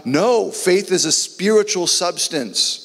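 Guy preaching a sermon, kinda high voice, earnest, long echo around him. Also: animated, slow. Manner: earnest, acts out biblical dialogue in voices. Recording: long reverb.

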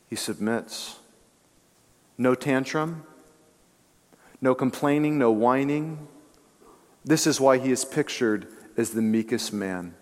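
A man preaching a sermon, telling stories with animation and dropping to a hushed voice for emphasis. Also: on the high side. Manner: animated storytelling, drops to hushed tones for emphasis. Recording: long hall reverb.

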